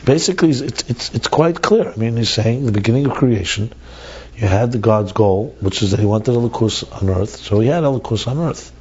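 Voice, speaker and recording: A man's voice: lowish voice, fairly quick, a little mellow, husky, highs cut off. A man teaching a text study class, thinking aloud and repeating words as he reads and explains.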